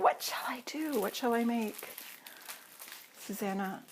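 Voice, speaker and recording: A woman from Canada vlogging casually at home, gushing and excitable as she talks to a camera on a tripod. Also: a little high, a little slow, slight background noise. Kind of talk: casual unboxing chat.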